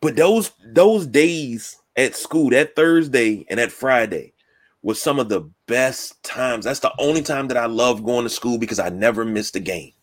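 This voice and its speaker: A man hosting a casual sports talk show, telling stories from work and school with lively acted-out quotes. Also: mid-range voice, measured pace. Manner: storytelling, animated when acting out quotes.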